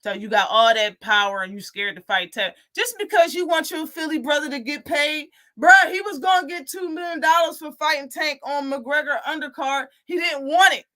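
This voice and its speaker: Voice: high voice, normal speed, few pauses, pushed and bright. A live boxing talk show host ranting in a heated, profane, casual way.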